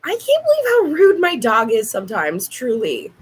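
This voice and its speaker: A woman's voice: on the high side, wildly swooping pitch, moderate pace, husky, low-quality recording. A woman hosting a casual livestream from home into a laptop mic, playful and laughing often, swearing freely. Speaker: online show host. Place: home room.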